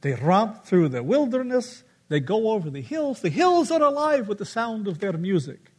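A man's voice: high voice, very animated, moderate pace, a little mellow. Playful storytelling male preacher. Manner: storytelling, playful, hums melodies. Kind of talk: sermon.

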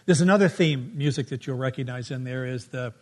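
A man's voice: medium pitch, fairly quick. A middle-aged man preaching a sermon with a playful storytelling manner, humming tunes along the way. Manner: storytelling, playful, hums melodies.

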